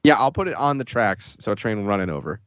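A man's voice: on the low side, expressive, fast, clean tone, no echo. A man co-hosting a podcast, reading a horror story aloud in a casual manner, on a dull lo-fi recording. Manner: casual, laughs between lines. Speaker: podcast co-host. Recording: dull lo-fi sound.

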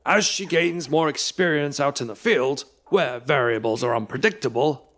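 An eccentric old academic, played by a man who talks in calm, formal sentences. He is self-assured and unbothered, in an ordinary middle-pitched voice. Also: moderate pace, natural voice. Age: older. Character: eccentric old male professor, calm and pompous. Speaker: professor.

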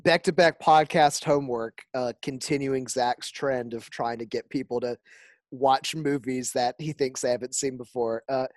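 A woman co-hosting a podcast in casual chat, animated, laughing often and swearing freely. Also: very deep voice, normal speed, no room sound. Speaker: podcast co-host.

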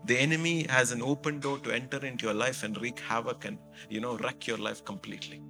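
A man, a pastor, preaching a sermon in an animated storytelling way, full of "you know" fillers. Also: mid-range voice, fairly quick, vocal fry, music in the background.

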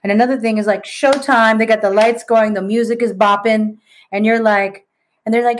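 Animated woman telling her story. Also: on the high side, moderate pace, slight background noise. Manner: animated, mixes Spanish words into English. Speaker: podcast guest, psychic medium. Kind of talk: casual storytelling.

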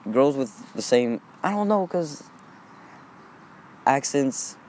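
A man's voice: medium pitch, expressive, slow pace, darkish tone, slight background noise. A teenage boy from Texas rambling through a solo podcast, hesitant and full of fillers, recorded outdoors. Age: teens. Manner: hesitant, repeats fillers often. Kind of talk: rambling casual monologue. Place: outdoors in wind.

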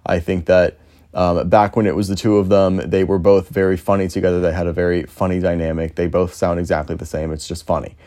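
A young podcast host talks by himself, rambling in a self-deprecating way and swearing freely as he works through his thoughts. His voice sits low with a dark, level tone, and he speaks fairly quickly.

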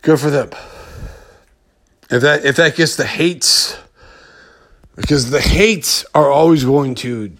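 A man hosting a podcast in a rambling, profane monologue, full of halting restarts and fillers. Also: on the high side, a bit bright. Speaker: podcast host. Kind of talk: casual ranting monologue.

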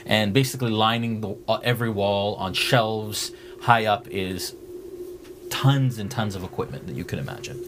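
A man narrating as game master in a relaxed way, with many filler words. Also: lowish voice, normal speed, background noise.

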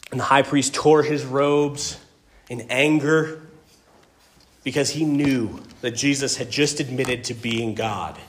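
A man preaching a sermon and teaching from scripture, earnest, doubling words for emphasis and moving between loud stress and hushed tones. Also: medium pitch. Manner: earnest, repeats words when stressing a point. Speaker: pastor.

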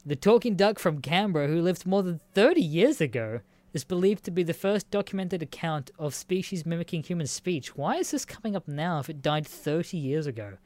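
A man's voice: a little high, expressive, fairly quick, darkish tone, no echo. A young Australian man hosting a casual solo podcast, reading news aloud and reacting with swearing and frequent laughter. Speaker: podcast host.

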